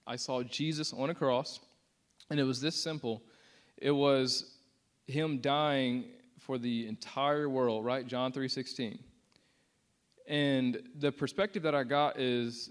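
A young man shares a personal testimony with a church audience in a loose, conversational way. He is earnest and unpolished, full of fillers, and he leans hard into the words he quotes. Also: mid-range voice. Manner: casual and earnest, many "like" fillers, acts out quotes with rising intensity. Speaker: speaker sharing a testimony.

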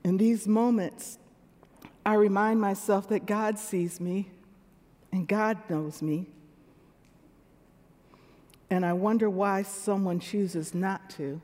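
Her voice mellow and medium in pitch, a woman in her sixties preaches in church, addressing the congregation conversationally, with a large hall's long reverb around her.

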